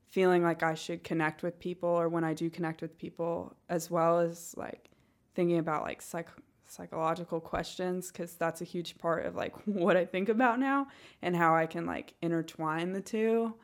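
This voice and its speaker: A woman's voice: fairly low pitch, fairly even intonation, normal speed. A woman with a Northwest Arkansas accent, chatting casually and giggling often, thinking aloud with many fillers. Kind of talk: casual podcast chat.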